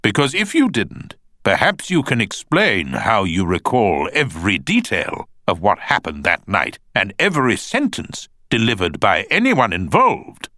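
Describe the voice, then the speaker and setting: A man voicing a cool male barrister, cross-examining in a measured, pointed way. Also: lowish voice, pushed and bright, no echo, clean studio sound, pitched above the performer's own voice, heavily acted. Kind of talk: audiobook character voice.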